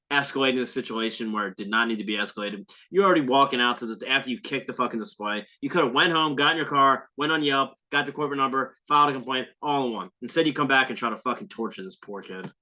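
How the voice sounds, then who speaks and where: A man's voice: mid-range voice, fast talker, bright, forceful tone. A man hosting a podcast, delivering heated, profane, sarcastic commentary on a viral video clip. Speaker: podcast host. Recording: dull lo-fi sound.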